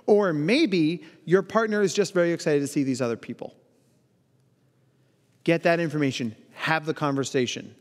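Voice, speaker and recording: A man in his thirties giving a playful, animated keynote talk at a conference, often acting out quoted voices. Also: on the high side, normal speed. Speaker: keynote speaker. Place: large conference hall. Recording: long hall reverb.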